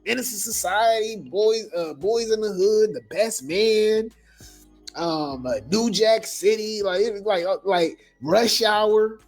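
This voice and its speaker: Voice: medium pitch, takes it slowly, soft background music. A gossip news host talking loosely in slang, full of fillers and restarts. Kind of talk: casual gossip commentary.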